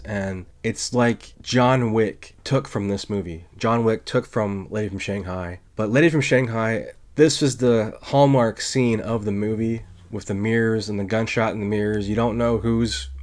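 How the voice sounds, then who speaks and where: A man's voice: fairly low pitch, normal speed, hardly any pauses, darkish tone. A man hosting a podcast, giving a casual spoken film review and explaining step by step with small restarts. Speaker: podcast host reviewing films.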